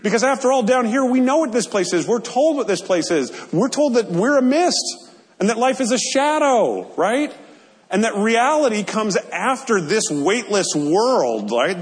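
A male pastor preaching a sermon in an earnest, conversational way, often checking in with his listeners. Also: sits high. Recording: long hall reverb.

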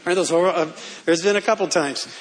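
High-voiced, animated male preacher. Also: rapid-fire, a little hiss or hum. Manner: animated, humorous storytelling. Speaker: pastor. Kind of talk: sermon.

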